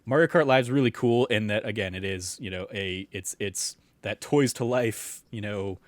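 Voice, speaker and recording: Young male podcast co-host, lowish voice, loose, filler-heavy delivery, dry recording. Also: moderate pace, no echo. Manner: rambling, many fillers and restarts. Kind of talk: casual chat.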